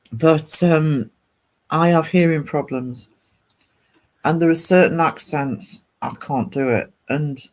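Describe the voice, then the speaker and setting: Chatty English man, slightly high voice. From Northeast England. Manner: rambling, chatty, talks to viewers by name. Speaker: art streamer. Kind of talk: casual chat while streaming.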